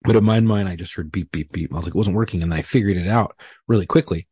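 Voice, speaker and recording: A man with a low, husky voice tells a work story on a podcast. He swears freely and plays out both sides of the argument with rising heat. The sound is dry and close. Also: fast, no room sound. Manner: profane, animated retelling with heated quoted exchanges. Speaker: police officer guest.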